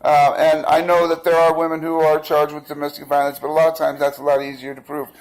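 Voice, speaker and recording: A man's voice: a little high, level tone, fast talker, low-quality recording. A man telling a personal account in a rambling, casual way, full of fillers and restarts, acting out the other people's quoted lines. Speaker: protester recounting events. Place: outdoors by a busy street.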